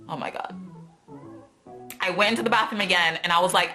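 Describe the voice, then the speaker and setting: A woman's voice: lowish voice, moderate pace, gravelly, soft background music. A young woman vlogger telling a story in a casual, exasperated way, full of "like" and replayed quotes. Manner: exasperated, animated, heavy use of "like".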